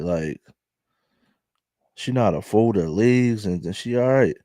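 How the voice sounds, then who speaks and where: A young man with a Philadelphia accent doing casual, laughing commentary to his viewers in drawn-out slang. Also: fairly low pitch, animated, dark tone, no room sound, studio quality. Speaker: commentary vlogger.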